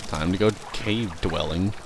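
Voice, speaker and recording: A young man casually commentating his own gameplay, rambling, swearing and reacting loudly to what happens in the game. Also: sits low, unhurried, very noisy. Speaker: let's play host.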